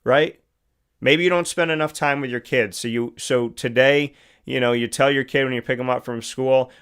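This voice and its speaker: A middle-aged man with a Central New York accent talks like a morning radio host giving a pep talk. His delivery is earnest and conversational, circling back to the same phrases to drive a point home. His voice sits at an ordinary male pitch. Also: steady tone, moderate pace, fairly bright tone, clear, resonant tone. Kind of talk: motivational monologue.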